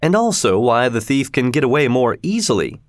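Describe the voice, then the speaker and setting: A man voicing an excitable Victorian gentleman who throws out loud, challenging wagers. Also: mid-range voice, moderate pace, no room sound, studio quality, lightly acted. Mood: doubtful.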